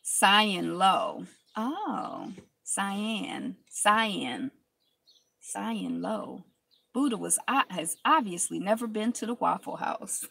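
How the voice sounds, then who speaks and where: A woman's voice: medium pitch, sing-song, extremely slow, creaky, bright, forceful tone, slightly rough, no room sound. A woman with a cold, hosting a casual live stream from inside a car, chatting with viewers and greeting them by name. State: has a cold.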